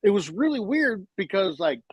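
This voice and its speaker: High, husky-voiced self-deprecating man. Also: sing-song, normal speed, no room sound, rough recording. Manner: self-deprecating, laughs often. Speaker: co-host of a comics livestream. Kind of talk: casual livestream chat.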